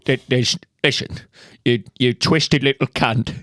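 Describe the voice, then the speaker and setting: A man's voice: mid-range voice, steady tone, a little slow, no echo, studio quality, close to an everyday voice. A Welsh man impersonating an old, exasperated male butler with a cockney drawl. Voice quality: cockney drawl, building to shouting. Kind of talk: comic impression.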